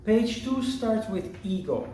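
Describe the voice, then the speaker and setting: Slow-speaking yoga teacher, echoey room. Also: male voice, high voice, expressive, dark tone, slight background noise. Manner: slow, measured, reflective. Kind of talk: lecture. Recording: roomy echo from a distant mic.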